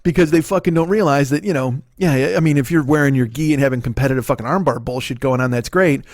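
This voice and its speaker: A man's voice: mid-range voice, quick pace, no echo, studio quality. Profane middle-aged man with a Chicago accent. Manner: profane, loose storytelling with frequent fillers. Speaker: comedy podcast host. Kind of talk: rambling comedic monologue.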